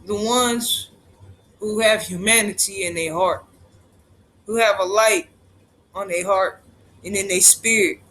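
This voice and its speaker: A man with a strikingly high voice rants to his livestream, swearing hard and repeating himself for emphasis. His tone is bright and sharp. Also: fairly even intonation, a little slow, long pauses. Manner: profane, emphatic, repeating lines for force. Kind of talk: impassioned livestream rant.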